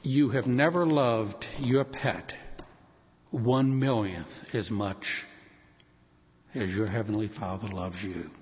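A man preaching a sermon, telling a story with animated delivery and acting out the voices of the people in it. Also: lowish voice, slow, pauses often. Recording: dull sound in a hall with long reverb.

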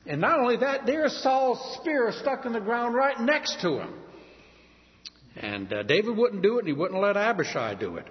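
Animated man teaching a Bible lesson. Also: high-pitched, normal speed. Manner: animated, folksy retelling. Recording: dull reverberant hall recording.

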